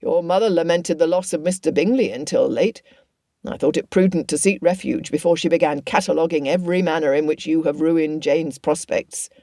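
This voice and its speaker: A woman's voice: sits low, fairly quick, warm tone, dry recording. A woman reading an audiobook voices a wry older father, speaking mildly and sardonically. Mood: dry. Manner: mild, dry, sardonic. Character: dry, wry older father behind a newspaper.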